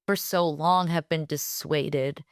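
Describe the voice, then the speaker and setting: Low-voiced, frank, swearing woman co-host. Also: fairly even intonation, takes it slowly, no echo, clean studio sound. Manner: frank and profane, swears freely. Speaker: podcast co-host. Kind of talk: casual chat.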